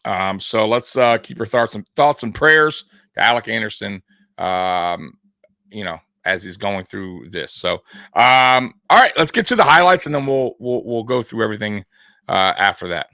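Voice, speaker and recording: A man hosting a sports video, talking casually over highlight clips in a rambling way with lots of fillers. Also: a little slow, sharp tone, no room sound, studio quality. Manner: rambling, many fillers and restarts.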